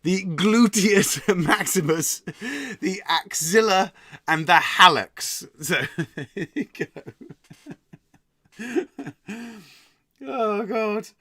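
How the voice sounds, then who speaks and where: A man's voice: sits high, expressive, very slow, long pauses, a bit bright, no echo, studio quality. An English man hosting a live-stream quiz, reading out items and laughing and joking with his viewers. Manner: reads quiz items aloud, laughs often, jokes with chat. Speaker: quiz host.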